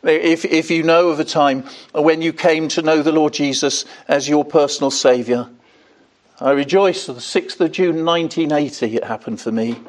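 A man's voice: on the high side, fairly even intonation, moderate pace. An older man preaching an evening sermon in an earnest way, asking rhetorical questions and rising on key words.

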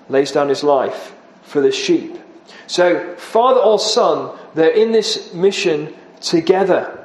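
A man's voice: sits high, expressive, takes it slowly, echoey room, poor audio. A man preaching an earnest expository sermon, often dropping his voice for emphasis.

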